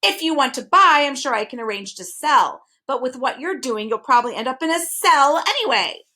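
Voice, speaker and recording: A haughty male bird with a shrill, cackling voice, put on by a woman reading a storybook. He is gleefully contrary, with a high and very bright sound. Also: expressive, brisk, full character voice. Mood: haughty, mocking. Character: haughty dusty male word-snatching bird.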